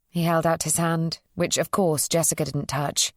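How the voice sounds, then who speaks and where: A woman reading a psychological thriller as an audiobook narrator, in an even, measured storytelling voice. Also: low-pitched, no room sound, clean studio sound.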